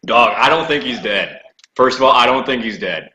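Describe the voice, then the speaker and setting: A man's voice: medium pitch, expressive, moderate pace, pushed and bright. A man in his thirties in casual chat, swearing freely and calling his brother "dog". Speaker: guest, host's brother. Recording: echoey room, faint noise.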